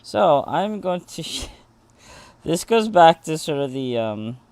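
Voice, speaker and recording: A man hosting a livestream interview, talking casually with many pauses and filler words. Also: a little high, sing-song, darkish tone, clean tone, dry recording. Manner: hesitant, lots of fillers and restarts, chatty. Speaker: interview host.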